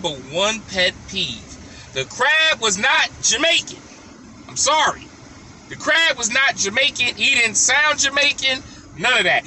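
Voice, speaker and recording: A man with a high, very bright and cutting voice speaks straight to the camera in a casual vlog, blunt and opinionated. He repeats his verdicts again and again for emphasis. Faint traffic hums behind him outdoors. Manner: talks straight to viewers. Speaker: vlogger.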